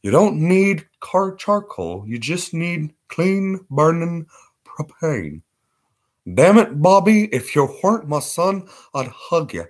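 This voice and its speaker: A man's voice: on the high side, very animated, slow, a little mellow, voice pushed up, exaggerated voice. Hank, a man doing a stern drawling cartoon dad. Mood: exasperated.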